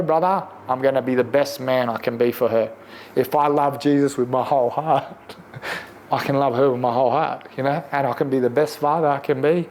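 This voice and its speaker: Australian man, forties, slangy testimony, laughs a lot, slightly high voice. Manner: animated, laughs often, slangy. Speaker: guest sharing testimony. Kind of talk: casual testimony.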